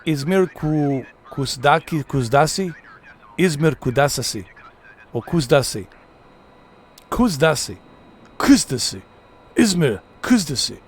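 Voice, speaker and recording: A man's voice: on the high side, very animated, slow pace, long pauses, slightly rough. Joking, profane male game streamer. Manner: joking, profane, mock-dramatic. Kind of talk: casual live gameplay commentary.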